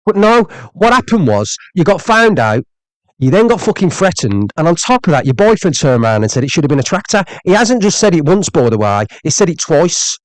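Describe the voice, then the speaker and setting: A man's voice: medium pitch, dry recording. Angry swearing man ranting on a live stream. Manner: angry, profane, repeats "you know what I mean". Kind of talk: live-stream rant reading viewer comments.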